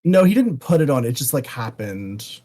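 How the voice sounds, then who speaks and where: A podcast co-host talks through a movie review in loose, casual chat. The pitch jumps around a lot, and the speech is full of swearing and "like.". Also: moderate pace. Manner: animated, swearing, frequent "like".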